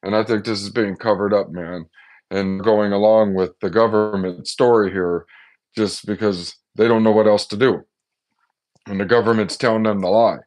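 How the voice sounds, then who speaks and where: A man's voice: on the low side, normal speed. A man talking casually and agitatedly to his viewers in a one-man vlog, often acting out the voices of others. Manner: agitated, acts out quoted voices, excitable. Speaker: vlogger. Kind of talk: casual monologue to camera.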